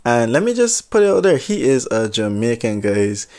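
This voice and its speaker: A man telling a story in a casual, chatty way, full of asides and animated commentary. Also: mid-range voice, normal speed, clear, resonant tone.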